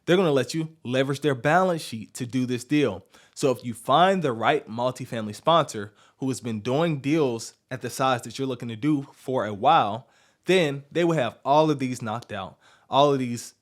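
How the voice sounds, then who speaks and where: A man's voice: medium pitch, moderate pace. Male podcast host, mid-range voice, direct coaching delivery built on rhetorical questions. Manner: punchy, asks rhetorical questions and answers them.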